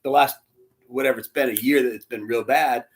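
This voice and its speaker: A man leading a church, telling a heartfelt personal story in a sermon, dropping to a hush and rising loud as he acts out the quotes. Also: mid-range voice, steady tone, fairly quick. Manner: emotional, swings from hushed to loud, acts out quotes. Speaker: church spiritual leader.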